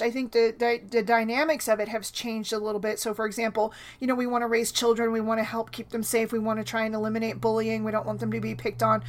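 A woman hosting her own podcast in a loose, conversational ramble. She restarts sentences often and tags them with quick questions to the listener. She sounds slightly foggy, as if nursing a headache. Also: fairly high pitch. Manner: chatty, rambling, frequent "right?" and restarts. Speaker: podcast host. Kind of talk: casual solo podcast talk.

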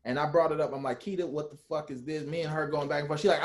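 Animated man telling stories casually. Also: fairly high pitch, fast, few pauses. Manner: animated, acts out quotes of others. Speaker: guest, former reality TV cast member. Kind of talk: casual storytelling.

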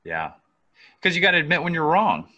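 A man's voice: a little high, sing-song, brisk, highs cut off, crowd noise. A man co-hosting a casual talk show, agreeing readily and affirming what his partner says. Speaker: podcast co-host.

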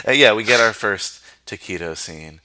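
A man's voice: lowish voice, dry recording. A young man recapping a film in casual chat, laughing often as he tells the story. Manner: laughs a lot, lively storytelling.

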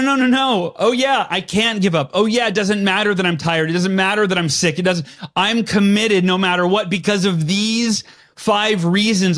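Earnest high-voiced man telling his story. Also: fairly bright tone. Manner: earnest, speaks with firm conviction; clears throat now and then. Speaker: podcast guest. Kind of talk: personal story in an interview.

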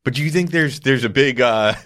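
A man's voice: medium pitch, fairly quick, a bit bright. A man from New York with a faint New York accent, hosting a podcast and bantering casually with his guest, laughing easily. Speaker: podcast host.

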